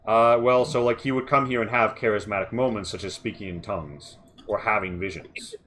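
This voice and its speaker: A man narrating a tabletop game as game master, hesitant and full of fillers, slowly describing scenes. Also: fairly low pitch, fairly bright tone. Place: home setup, streamed live.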